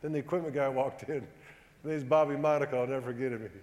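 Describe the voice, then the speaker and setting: A man telling a humorous, self-deprecating story to a live audience, animated and acting out the dialogue. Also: mid-range voice, fast talker. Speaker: former football player giving a talk. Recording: echoey hall with long reverb.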